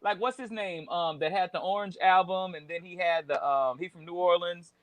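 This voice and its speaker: A man on a casual podcast chat, animated, repeating words while he hunts for names. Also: high-pitched, normal speed, no room sound.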